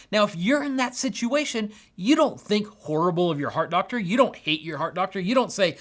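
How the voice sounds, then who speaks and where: An enthusiastic man hosts his own business podcast, speaking straight to his listeners in a casual, upbeat way. His voice sits high for a man, and he slips into lively little voices when he acts out conversations. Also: a little fast, hardly any pauses. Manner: acts out quoted dialogue in animated voices. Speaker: podcast host. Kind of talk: solo business podcast talk.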